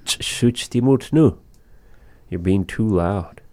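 A man's voice: fairly low pitch, slow, darkish tone, no echo. A man casually teaching phrases of his language to a partner, patiently repeating each word.

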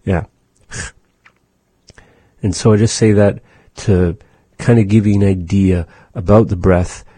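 A man teaching a language lesson, patiently explaining and slowly demonstrating how sounds are made. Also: sits low, warm tone, husky, dry recording.

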